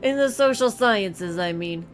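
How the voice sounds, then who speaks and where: A woman's voice: mid-range voice, expressive, unhurried, faint music behind, lightly acted. A woman voicing a short, affable male anthropology professor in a bad put-on Boston accent.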